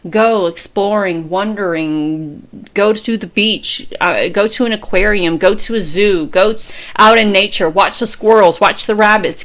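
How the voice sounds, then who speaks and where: A woman's voice: mid-range voice, fairly bright tone. A woman in her fifties gives a fervent, preachy motivational talk as a tarot reader. She repeats phrases and swears freely as she urges her viewers on. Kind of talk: impassioned motivational monologue.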